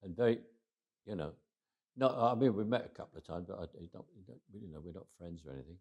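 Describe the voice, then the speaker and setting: A man's voice: sits low, lively intonation, fast, a little mellow. An older man with a London accent telling wry anecdotes in an interview, often restarting phrases and acting out quoted lines. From England. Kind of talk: casual interview storytelling.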